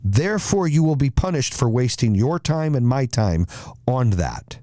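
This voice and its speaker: Man as a lordly lion in a spoken joke, lectures, lively pitch. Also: normal speed, no echo, studio quality, close to an everyday voice. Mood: stern. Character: lordly male lion king of the jungle.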